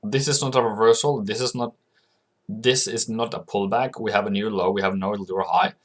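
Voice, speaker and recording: A man's voice: fairly low pitch, steady tone, brisk. A man hosting a trading video, giving casual chart commentary and answering his own questions in a chatty way. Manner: asks himself questions and answers them; chatty, coaxes viewers as "mate". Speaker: forex trading channel host.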